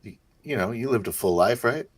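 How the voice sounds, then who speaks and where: A man's voice: lowish voice, animated, brisk. A man playing in a casual tabletop role-play, joking and laughing, mimicking beeps. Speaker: player.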